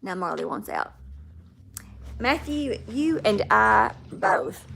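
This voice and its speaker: A woman's voice: medium pitch, huge pitch swings, slow pace, gravelly, a bit bright, a little hiss or hum. A woman with a Southern US accent, hosting a casual livestream and chatting with viewers by name. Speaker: livestream host. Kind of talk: casual livestream chat reading viewer comments.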